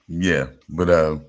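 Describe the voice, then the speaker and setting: A man with a very low voice talks loosely in a casual podcast chat. He rambles, restarts often and leans on "you know what I'm saying". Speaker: podcast host.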